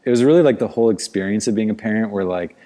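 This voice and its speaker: A man's voice: fairly low pitch, racing, mellow. A man, a podcast guest, telling a story in casual conversation, rambling with many "like" fillers. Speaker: podcast guest, outdoor educator.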